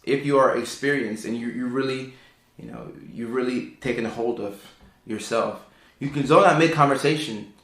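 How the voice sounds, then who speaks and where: A man's voice: moderate pace, a bit bright, echoey room. A man hosting a casual live stream, reading viewer questions and explaining neurodivergence, with lots of fillers and repeated words. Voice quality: calls his own voice sultry and low. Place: indoor home room.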